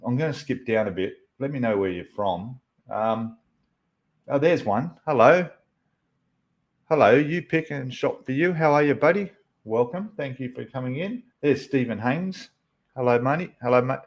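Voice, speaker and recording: A man hosting a casual livestream, rambling as he answers viewers' chat messages. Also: mid-range voice. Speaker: livestream host.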